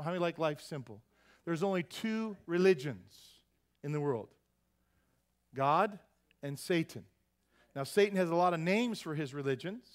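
A man preaching a sermon at a church service, folksy and joking, constantly quizzing the congregation with questions. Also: on the high side. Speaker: pastor.

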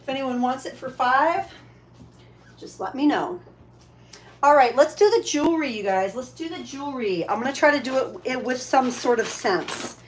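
A woman's voice: high voice, lively intonation, moderate pace, slight background noise. A woman hosting a casual live shopping stream. She is chatty, thanks each buyer and stops to coo at her pets.

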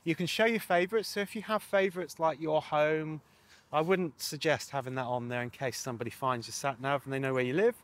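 A man's voice: a little high, fairly even intonation, a little fast. A man presenting a casual walkthrough of a motorcycle sat nav, chatty with wry asides.

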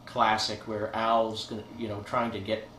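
A man's voice: on the low side, monotone, moderate pace, fairly bright tone. A man who directed the film, chatting through a commentary, pointing out scenes and laughing often. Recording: roomy echo, faint hiss.

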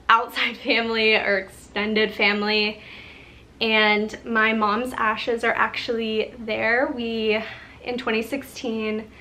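Tearful young woman vlogging slowly. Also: on the high side, pushed and bright. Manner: halting, tearful, many restarts and ums. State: on the verge of tears. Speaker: lifestyle vlogger. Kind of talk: emotional unscripted vlog talk.

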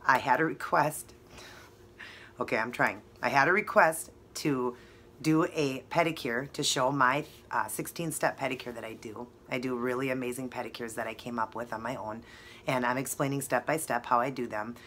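A woman's voice: very deep voice, fairly even intonation, moderate pace, fairly bright tone, slight background noise. A woman chatting casually in her vlog, giggly and keeps breaking into laughter, sometimes dropping almost to a whisper. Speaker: beauty vlogger.

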